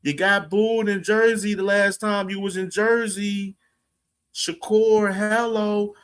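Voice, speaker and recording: A man's voice: sits high, fairly even intonation, takes it slowly, a bit bright, clear, resonant tone. A man hosting a casual boxing live stream, laughing often, slangy and profane, talking straight to his chat. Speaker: boxing show host.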